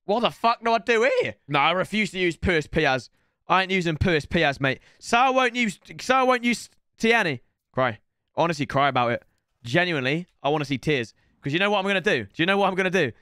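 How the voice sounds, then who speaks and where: A man streaming a football video game live, excitable and swearing, often shouting at the game. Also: high-pitched, fast, smooth, dry recording, clean studio sound. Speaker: gaming streamer. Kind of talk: live gaming stream chat.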